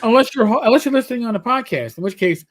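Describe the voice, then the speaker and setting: A man's voice: very high voice, expressive, racing. A man with a New York accent hosting a casual livestream chat, rambling and repeating words as he talks. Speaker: podcast host.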